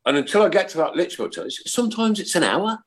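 A man's voice: high voice, very animated, fast talker, husky, rough recording. A man hosting a casual talk show, teasing his guests and laughing often. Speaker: host. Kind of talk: casual podcast chat.

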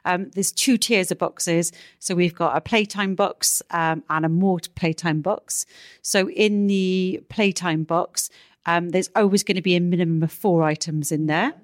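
A Welsh-accented woman appears as a guest entrepreneur on a casual chat show, walking through her business step by step with plenty of ums. Her lowish voice keeps a measured pace and fairly even intonation, captured at studio quality with no room sound.

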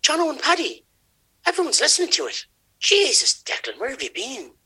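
A man voicing a flustered, bossy middle-aged Irish woman with an Irish accent, talking high and exasperated. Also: huge pitch swings, brisk, sharp tone, full character voice. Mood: flustered scolding.

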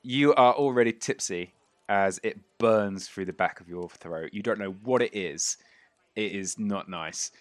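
Man running a tabletop game, low voice, dry close sound, rambling. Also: measured pace, dry recording. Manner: rambling, many fillers, laughing. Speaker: game master.

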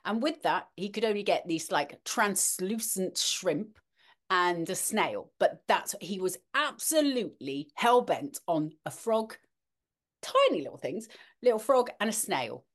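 Chatty animated woman co-host. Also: medium pitch, unhurried. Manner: chatty and animated, with frequent ums and restarts. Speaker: podcast co-host, weather presenter. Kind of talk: casual chat.

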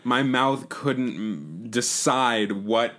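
A young man in casual podcast chat with an ordinary, mid-range voice. He chuckles often and makes fun of his own attempts. His swearing is offhand and relaxed. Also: mid-range voice, very slow. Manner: chuckling, swearing, self-deprecating. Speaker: podcast co-host.

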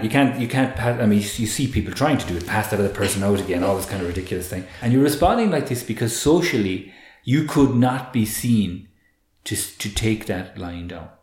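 Low-voiced man explaining earnestly. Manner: earnest, animated, repeats words as he restarts. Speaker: guest expert. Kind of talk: conversational explaining. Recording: roomy echo.

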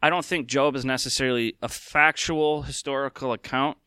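A man talks candidly and from the heart, filling his pauses with ums and restarts. His voice is bright and very clear. The sound is dry and close, with no room behind it. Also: medium pitch, fairly even intonation, dry recording. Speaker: podcast host. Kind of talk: casual personal talk.

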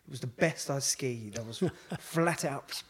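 Speaking a little slowly at a middling pitch, this man is a psychotherapist appearing as a chatty guest who seems at ease with the host. He recounts a story animatedly during a relaxed interview, laughing and cursing freely.

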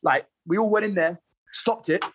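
Husky man telling a wild story. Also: sits high, normal speed. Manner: animated anecdote-telling, laughs often, repeats words. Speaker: guest footballer. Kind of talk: casual storytelling interview.

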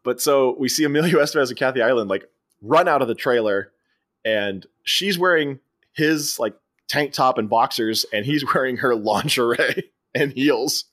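A man's voice: medium pitch, normal speed, fairly bright tone. Podcast guy rambling thru a movie recap, amused, casual. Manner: rambling, amused retelling of scenes. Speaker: podcast co-host.

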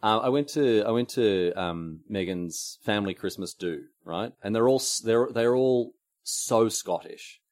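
A man's voice: fairly low pitch, unhurried. A young man with an English accent, co-hosting a casual podcast chat and rambling through stories with lots of restarts. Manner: animated, rambling with many restarts. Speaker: podcast co-host.

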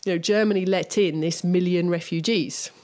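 Podcast co-host, woman, middle-aged, lowish voice, chatty anecdotal delivery with frequent laughs. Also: steady tone, moderate pace, warm tone. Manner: chatty storyteller, laughs often, restarts mid-sentence. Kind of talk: casual chat.

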